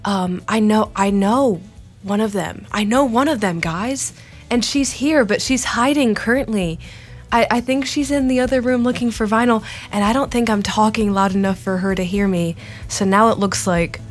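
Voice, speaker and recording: A young woman hosting a college radio show, chatting casually on air in a rambling, self-deprecating way with many restarts. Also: mid-range voice. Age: young adult.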